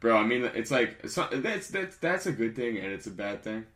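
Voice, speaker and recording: A man's voice: medium pitch, sing-song, normal speed, a bit bright. A young man co-hosting a podcast, chatting in a laid-back way with dry reactions. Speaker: podcast co-host. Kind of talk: casual chat.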